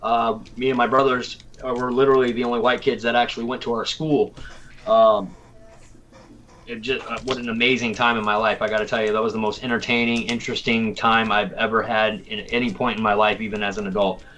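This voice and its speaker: A man's voice: medium pitch, level tone, brisk, fairly bright tone, lo-fi sound. A man from Tennessee hosting a casual livestream show, talking in an easygoing way, full of fillers and repeated words. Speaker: podcast host.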